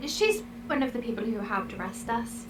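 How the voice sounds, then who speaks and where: A woman with a high, bouncing voice plays a tabletop game, giggling and playful. She is heard from away from the mic, and clear noise sits behind her. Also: expressive, moderate pace. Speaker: player. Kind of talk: casual tabletop play. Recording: distant, noisy mic.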